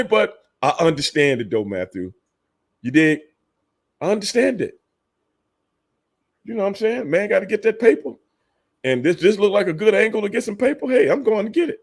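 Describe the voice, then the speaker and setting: A man's voice: high-pitched, big pitch swings, moderate pace, long pauses. A man who used to wrestle, hosting a casual livestream, talking bluntly and profanely to his viewers and laughing often. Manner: talks to chat viewers by name. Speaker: livestream host and former wrestler.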